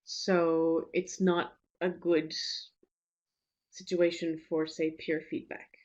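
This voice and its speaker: Woman, teacher trainer, webinar talk; lowish voice, relaxed and reassuring, many fillers; slightly muffled video-call sound. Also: takes it slowly. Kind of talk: webinar presentation. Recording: slightly dull lo-fi webinar audio.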